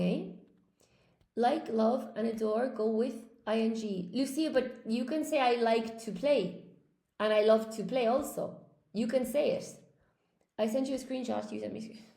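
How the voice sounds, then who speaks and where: An Irish English teacher hosts a live-stream lesson, chatting with viewers, thinking aloud, and reading their comments out. Her voice is a little high, creaky, and dark-toned, with a reverberant sound.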